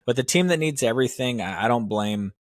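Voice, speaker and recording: A man co-hosting a podcast who gives opinionated, wry sports takes in quick bursts of casual chat. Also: mid-range voice, animated, no echo. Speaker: podcast co-host.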